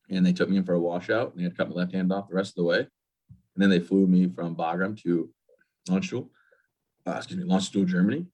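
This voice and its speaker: Interview guest, male, 30s, veteran; quick, husky, very low voice, candid delivery. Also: darkish tone. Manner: candid, plain-spoken, quick storytelling. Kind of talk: personal story in interview.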